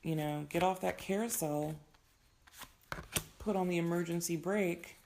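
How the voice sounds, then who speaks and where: A young woman with a hoarse voice giving an earnest, advising tarot reading in casual talk. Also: on the low side, measured pace, warm tone, slight background noise. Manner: earnest, advising, frequent fillers. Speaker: tarot reader.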